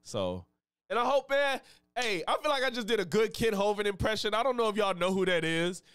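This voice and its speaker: A man's voice: high-pitched, sing-song, a little fast, fairly bright tone, smooth, no room sound, clean studio sound. A man hosting a live stream, chatting loosely and profanely in a rambling way. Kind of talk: casual live-stream reaction chat.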